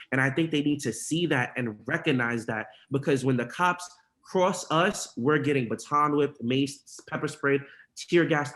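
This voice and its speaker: A man's voice: medium pitch, fairly bright tone. A young man, a campaign organizer, giving an impassioned and earnest personal account on a podcast. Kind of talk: emotional podcast testimony.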